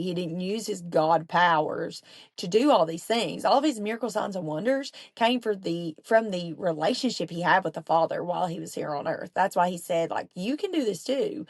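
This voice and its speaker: A woman's voice: lowish voice, gravelly, no echo. Earnest chatty woman teaching the Bible. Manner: chatty and earnest, with many fillers and asides. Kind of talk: casual Bible study talk.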